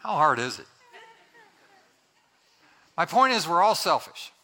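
A male pastor preaches in a church, his bright, forward voice leaning into jokes and playful asides. He tells everyday stories in a chatty, storytelling way and slips briefly into the voices of the people in them. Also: a little high, sing-song, takes it slowly. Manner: jokey, conversational storytelling with acted-out quotes. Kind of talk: humorous sermon. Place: church with congregation.

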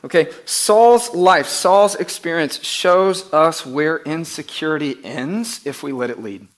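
A man preaching a sermon to his church, emphatic, often repeating words and dropping from loud to hushed. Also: a little high, a little slow. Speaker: pastor.

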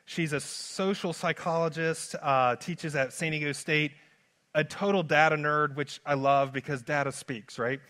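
High, bright-voiced man preaching. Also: fairly even intonation, unhurried. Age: adult father. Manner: dynamic preaching, swings from soft to loud. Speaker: pastor. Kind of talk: sermon.

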